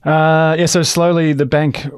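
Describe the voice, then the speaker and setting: A man's voice: fairly high pitch, flat delivery, a little slow, clear, resonant tone, no room sound. A man co-hosting a finance podcast, explaining things in an easygoing way with dry humour. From Australia. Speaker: podcast co-host, financial planner. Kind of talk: casual chat.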